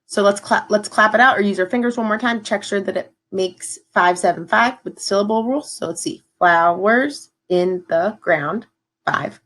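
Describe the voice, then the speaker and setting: A woman's voice: mid-range voice, brisk, few pauses, a bit bright. A woman teacher talking students through a lesson in an upbeat, encouraging way. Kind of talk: recorded classroom lesson.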